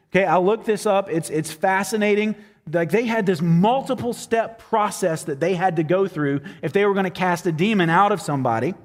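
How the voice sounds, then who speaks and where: A man's voice: high-pitched, long reverb tail. A man preaching a sermon in a casual, conversational way, with fillers and quotes he acts out. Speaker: pastor.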